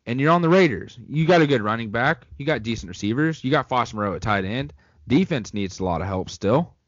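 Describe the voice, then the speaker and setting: A man's voice: mid-range voice, animated, fairly quick, no echo, lo-fi sound. A young man co-hosting a casual sports podcast, rambling and joking as he gives his opinions. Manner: laid-back, rambling, jokey. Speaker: podcast co-host.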